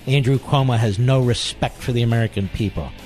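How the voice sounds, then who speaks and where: A man's voice: mid-range voice, a little fast, darkish tone, soft background music. A man hosting a talk radio show, delivering an indignant political monologue with heavy repetition.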